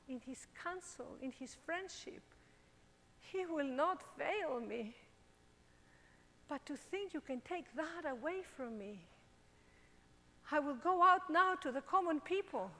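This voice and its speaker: A woman with a Greek accent acting out a defiant young female martyr facing the fire, in an impassioned theatrical monologue that moves from hushed to rousing. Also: extremely high pitch, heavily acted. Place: performing arts center stage. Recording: long reverb of a large performing arts hall.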